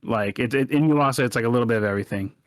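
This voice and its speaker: A man's voice: mid-range voice, rapid-fire, no room sound. A man co-hosting a casual podcast chat, rambling and often correcting himself, laughing easily. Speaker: podcast co-host.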